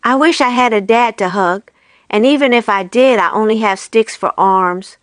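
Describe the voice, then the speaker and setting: A gangly, gentle snowman talks in a high, plaintive voice, as a woman reads him aloud. He sounds smooth and clear, and he chats on with a wistful, awkward charm. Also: moderate pace, dry recording, clean studio sound, natural voice. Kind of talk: storybook reading.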